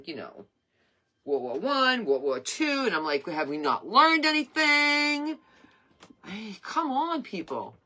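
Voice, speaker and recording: A woman's voice: low-pitched, fairly bright tone. A woman in her sixties hosting her craft page live, chatting in a rambling, earnest and emotional way. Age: 60s. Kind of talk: casual live-stream chat.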